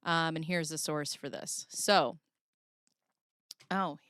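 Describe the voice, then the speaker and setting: A woman's voice: low-pitched, fairly even intonation, slow, fairly bright tone, clean tone, no echo, studio quality. A woman hosting a casual reaction commentary, goofy and giggly, rambling as she reads through documents. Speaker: host.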